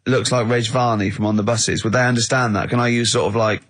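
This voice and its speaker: A man's voice: medium pitch, steady tone, fast talker, fairly bright tone, dry recording. A man hosting a radio show in a studio, bantering casually and teasing his co-hosts, often breaking into laughter. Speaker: radio host. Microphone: studio microphone.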